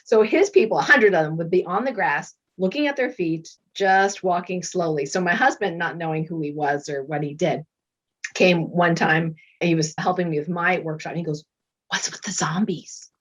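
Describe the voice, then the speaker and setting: A middle-aged woman, a doctor and author, chatting as an interview guest and telling lively stories. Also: lowish voice, moderate pace. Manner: lively storyteller who acts out quoted voices and laughs often. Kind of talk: casual interview chat. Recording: dull lo-fi recording.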